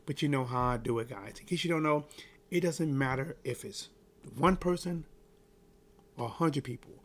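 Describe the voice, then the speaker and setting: A man hosting a casual live stream about sports, talking to his chat in an animated, repetitive way and hyping up his viewers. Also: medium pitch, moderate pace. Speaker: livestream sports host.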